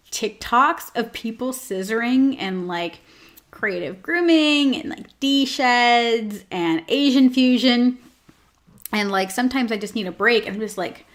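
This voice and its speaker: A woman hosting her own show, chatting casually with lots of fillers and joking asides. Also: on the high side. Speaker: host. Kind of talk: casual chat.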